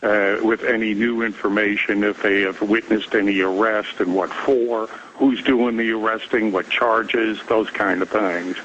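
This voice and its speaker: A man phones in to a radio show, speaking in a low voice. He talks in a halting way, restarting his words, with a faint hiss behind him. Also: steady tone, a bit bright, muffled recording. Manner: hesitant, halting. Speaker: caller reporting. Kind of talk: phone call-in.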